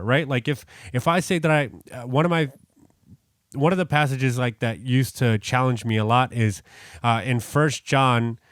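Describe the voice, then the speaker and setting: In a studio-quality recording with no echo, a medium-pitched New York man co-hosts a podcast's casual Bible study chat. He talks through the passage earnestly yet ramblingly, correcting himself and starting over many times.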